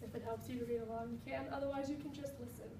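A woman's voice: on the high side, fairly even intonation, rapid-fire. Young woman teacher reading to a class, recorded far off in an echoey classroom with faint noise. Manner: patient instructions with fillers. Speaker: student teacher. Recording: roomy, distant, faint room noise.

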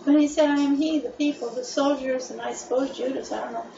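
A woman's voice: high voice, fairly even intonation, brisk, gravelly. An older woman answering in a church Bible study, hedging her answers. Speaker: Bible study participant, the pastor's mother. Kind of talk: class discussion. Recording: roomy, distant, dull and noisy.

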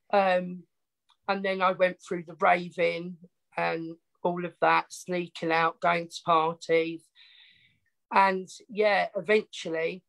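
On a rough recording, a woman with a lowish voice and an Essex accent tells her life story as a podcast guest. She's chatty, frank and self-mocking in this casual storytelling interview.

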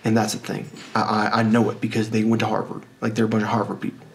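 A man's voice: fairly low pitch, completely flat delivery, vocal fry, slight background noise. A man from Texas talking in a rambling monologue, full of restarts and fillers. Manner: rambling, halting, with many restarts.

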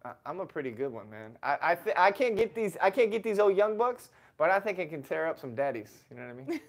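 A man's voice: high voice, big pitch swings, fast. A man, hosting a casual family livestream, chatty and reading out viewer messages. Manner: chatty, reads chat aloud, gives shout-outs.

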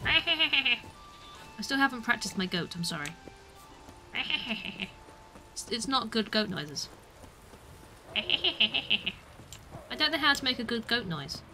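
A woman streamer giving casual gaming commentary, giggly and excitable, often breaking into shrieks. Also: a little high, takes it slowly, pauses often, faint music behind. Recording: noisy stream audio.

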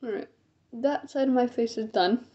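A woman's voice: fairly high pitch, moderate pace, dark tone, lo-fi sound. A young woman casually narrating her makeup as she applies it, chatty and self-amused, sometimes dropping to a whisper. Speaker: makeup vlogger. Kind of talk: casual makeup tutorial chat.

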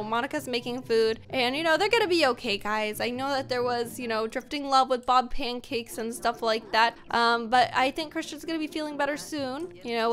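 Bubbly high-voiced young woman gamer. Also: a bit bright. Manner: chatty, bubbly, talks to viewers. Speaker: gaming YouTuber. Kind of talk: casual let's play commentary.

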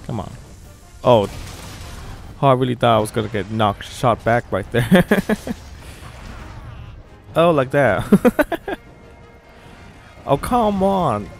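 A man commentating as he plays a game, excitable, exclaiming often and laughing a lot. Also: medium pitch, slow pace, creaky, pauses often, soft background music. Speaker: gaming channel host. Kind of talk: live gameplay commentary.

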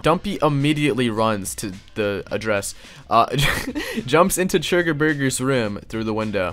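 A man's voice: lowish voice, a bit bright, clear, resonant tone. A young man hosting his channel, reading fan fiction aloud and breaking in with crude, sarcastic jokes. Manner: crude, sarcastic, joking asides. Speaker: YouTube host.

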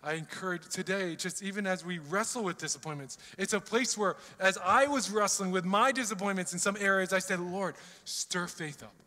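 Pastor, male, bright high voice, emphatic sermon with rhetorical questions, long hall reverb. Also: a little fast, hardly any pauses. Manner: emphatic, rhetorical questions, acts out prayers and quotes. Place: church sanctuary.

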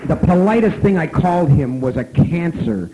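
Guy on stage telling a story, kinda high voice, swears a lot, gets super worked up. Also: moderate pace, muffled recording, background noise. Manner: animated, profane, bursts into loud shouting. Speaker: guest of honor speaker. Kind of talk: live convention storytelling. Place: convention talk before a live audience.

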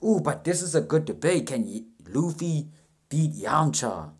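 A man's voice: fairly high pitch, lively intonation, measured pace, slightly rough. A young man giving a rambling, self-mocking reaction commentary, swearing freely as he goes. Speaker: reaction video host.

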